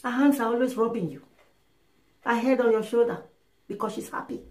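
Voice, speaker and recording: A woman giving relationship and sex advice in a casual monologue, emphatic and animated, acting out little dialogues. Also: a little high, a little fast. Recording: roomy echo.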